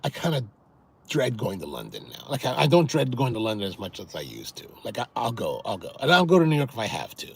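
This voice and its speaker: A man hosting a coffee show, chatting casually through long stories with many restarts and repeated words. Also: mid-range voice. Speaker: coffee show host answering viewer questions. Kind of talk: casual rambling storytelling. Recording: clear background noise and ambience.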